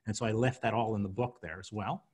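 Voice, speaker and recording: A man's voice: lowish voice, steady tone, fast, darkish tone, husky. A man from Jamaica, a sales consultant and interview guest, talking earnestly with frequent ums and restarts. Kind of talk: interview answer, promoting his group.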